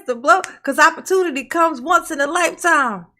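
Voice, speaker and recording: A woman's voice: high voice, a little fast, bright, forceful tone. A woman hosting a reaction commentary, teasing and sassy, laughing often as she mocks what she watches. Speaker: commentary channel host.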